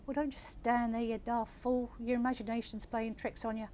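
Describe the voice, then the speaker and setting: A man's voice: extremely high pitch, flat delivery, moderate pace, a little mellow, slight background noise. An older English woman reading aloud, voicing a man who mutters wry scolding at himself in the woods. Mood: self-mocking.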